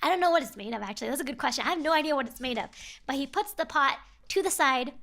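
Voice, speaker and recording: A woman's voice: high-pitched, expressive, very fast, a bit bright. A young woman streamer telling a story in a casual, rambling way, often repeating herself.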